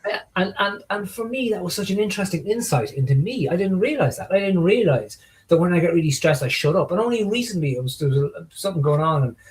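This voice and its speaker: A man's voice: sits high, fast, hardly any pauses, poor audio. A middle-aged man, a guest in a casual conversation, telling stories animatedly and acting out what people said. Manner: animated storyteller acting out quotes. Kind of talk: casual video-call conversation.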